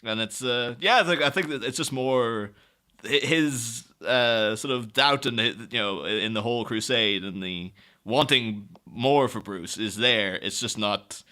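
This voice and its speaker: Bright-voiced animated podcast man. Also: mid-range voice. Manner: animated, jumps into quick silly impressions. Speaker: podcast co-host. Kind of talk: casual film-discussion chat.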